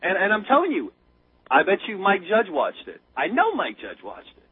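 Excitable man on a tinny phone line. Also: sits high, moderate pace. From United States. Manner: excited rambling storyteller, stumbles over words. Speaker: caller. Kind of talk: casual chat.

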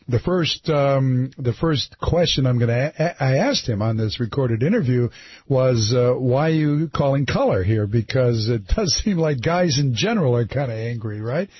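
A male radio talk show host taking calls, talking in an animated, rambling, sarcastic way. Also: mid-range voice, moderate pace, breathy edge, no echo. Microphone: studio microphone. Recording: slightly muffled dry broadcast audio.

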